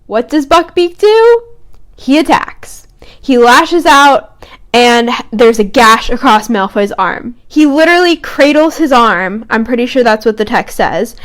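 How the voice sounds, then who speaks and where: A woman's voice: a little high, a little slow. Young woman co-host retelling a story. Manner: reads book quotes aloud, animated retelling. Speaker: podcast co-host. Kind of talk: casual fan discussion.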